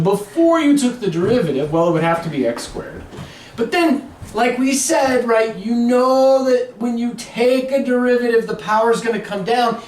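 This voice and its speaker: A man's voice: high voice, distant mic. Guy teaching calculus, jokey and casual, echoey classroom, noise in the background. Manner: chatty, self-correcting, jokey. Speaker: calculus lecturer. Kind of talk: classroom lecture.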